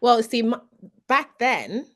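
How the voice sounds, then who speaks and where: A woman's voice: a little high, big pitch swings, takes it slowly. A woman speaking as a panelist in a casual podcast discussion, earnest and often restarting her sentences. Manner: earnest, restarts often, stresses key words.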